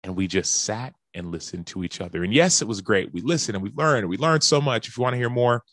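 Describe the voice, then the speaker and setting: A man with a fairly low speaking voice tells a personal story in a podcast monologue. He acts out the calls he describes, jumping up in pitch as he gets excited. The sound is close and dry. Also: fast talker, no echo. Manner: animated storyteller who acts out quoted phone calls in a raised voice.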